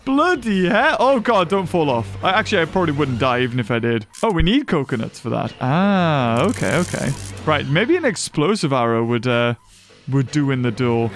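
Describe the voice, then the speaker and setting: Excitable, high-voiced gamer. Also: male voice, normal speed, soft background music. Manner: excitable and sarcastic, with frequent exclamations. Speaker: gaming YouTuber. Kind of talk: let's-play commentary.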